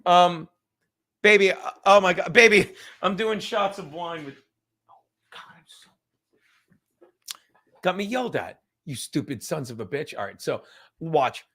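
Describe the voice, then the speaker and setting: A man in his fifties chats loosely on a livestream from home, his voice sitting high for a man. He rambles, swears freely and laughs between his thoughts. Now and then he drops into a whisper. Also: animated, moderate pace, fairly bright tone. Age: 50s. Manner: rambling, profane, laughing, drinking while talking. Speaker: livestream host. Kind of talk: casual livestream chat.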